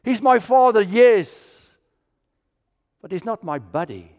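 South African pastor preaching in a reverberant hall. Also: male voice, sits high, lively intonation, slow. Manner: dramatic swings from loud to near-whisper. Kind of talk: sermon.

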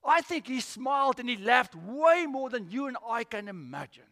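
Animated pastor preaching in a hall. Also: male voice, extremely high pitch, normal speed. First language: Afrikaans. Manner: animated storytelling with acted-out voices. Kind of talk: sermon. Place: church.

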